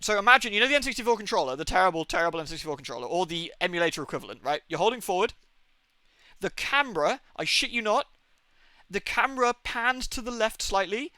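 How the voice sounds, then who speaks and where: A man streaming a game, commentating live in an animated, self-mocking way and laughing often. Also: high-pitched, fast talker, smooth, no echo.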